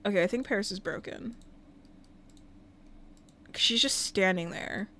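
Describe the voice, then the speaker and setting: A woman's voice: medium pitch, unhurried, pushed and bright. A woman casually commenting while livestreaming a life-sim game, talking to the characters and thanking viewers. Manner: chatty, talks to game characters and chat.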